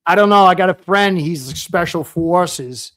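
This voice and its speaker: A man hosting a casual chat, talkative and animated, joking at his own expense. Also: sits high, measured pace, dry recording. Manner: chatty and animated, self-deprecating, breaks into laughter. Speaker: host.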